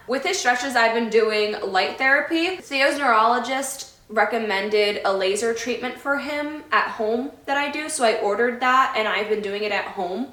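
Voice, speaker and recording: A woman vlogger with a slightly high, sharp-toned voice sits and talks casually to camera. She's heartfelt and rambling, losing her train of thought. The room, an indoor space away from her home, is echoey.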